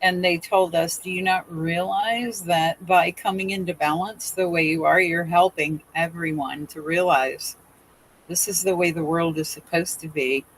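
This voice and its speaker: A woman's voice: fairly low pitch, fairly even intonation, unhurried, a little hiss or hum, poor audio. A woman guest on a video call, talking earnestly and reflectively about spiritual balance in a casual chat.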